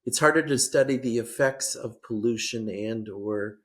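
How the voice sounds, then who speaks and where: An older man speaking as a policy expert guest in a podcast interview, measured and hesitant with frequent restarts. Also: mid-range voice, fairly bright tone.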